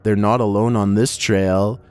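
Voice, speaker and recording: A man with a low-pitched voice reads a scripted countdown of creepy clips. His delivery is measured, with dry, wry asides. Clear music plays under his narration. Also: steady tone. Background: background music.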